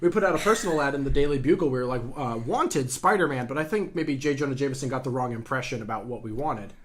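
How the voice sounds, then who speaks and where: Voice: medium pitch, quick pace. A host in casual chat, playful and bantering. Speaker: podcast host.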